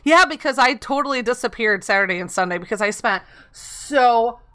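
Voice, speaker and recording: A woman co-hosting a casual chat, telling animated gaming stories with laughter. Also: on the high side, moderate pace.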